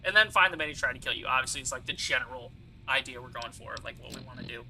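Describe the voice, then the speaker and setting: A man's voice: medium pitch, quick pace, sharp tone, poor audio. A young man casually commentating his playthrough of a video game, chatty and explaining the mechanics with plenty of fillers and asides. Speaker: gaming streamer. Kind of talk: casual let's-play commentary.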